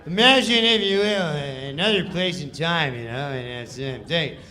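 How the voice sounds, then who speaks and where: A man's voice: on the high side, normal speed, pushed and bright. Casting: man doing an unbothered, lecherous joker, lazy mumbling drawl full of fillers. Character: laid-back, lecherous male comedian mumbling a bit.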